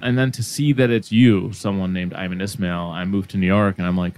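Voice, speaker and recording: A man's voice: low voice, fairly even intonation, brisk, hardly any pauses, a little mellow. A young man hosting a podcast, enthusiastic and casual, swearing freely while praising his guest. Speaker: podcast host.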